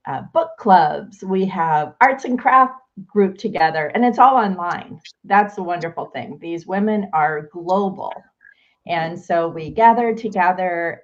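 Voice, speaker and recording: A woman's voice: fairly low pitch, lo-fi sound. A woman hosting a live online show, encouraging her guest and addressing viewers. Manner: encouraging, frequent affirmations. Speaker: host.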